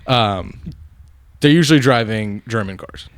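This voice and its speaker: A man's voice: fairly low pitch, measured pace. A man co-hosting a podcast, chatting casually and hedging with lots of fillers. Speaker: podcast co-host. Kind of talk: casual chat.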